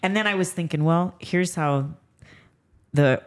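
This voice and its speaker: Woman, podcast host, low voice, casual chat, animated storytelling, voices quoted dialogue, laughs a lot. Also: unhurried. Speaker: podcast host and skincare business owner.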